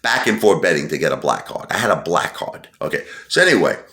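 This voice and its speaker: A man's voice: low voice, big pitch swings, fast, pushed and bright, echoey room. A man telling a long personal story in a rambling, defensive way, often repeating himself. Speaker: channel host telling a story. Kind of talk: casual storytelling monologue.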